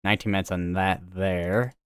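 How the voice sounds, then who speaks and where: A young American man hosts a casual weather livestream from a room at home with a green screen, rambling, chatty, and correcting himself as he goes. His voice is low and smooth, with little pitch movement, at a normal speed.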